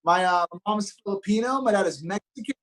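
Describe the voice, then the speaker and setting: A young man from Los Angeles doing a stand-up comedy set, upbeat and self-mocking, with deadpan punchlines. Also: high voice, quick pace, slight background noise, poor audio. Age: young adult.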